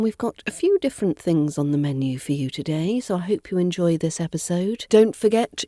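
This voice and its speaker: British woman w/ soft RP accent teaching on her podcast, mellow voice, lively ups and downs. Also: fairly low pitch, no echo, clean studio sound. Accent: Southern English RP. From Britain. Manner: clear, deliberate teacherly delivery. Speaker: accent coach and podcast host. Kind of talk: scripted podcast lesson.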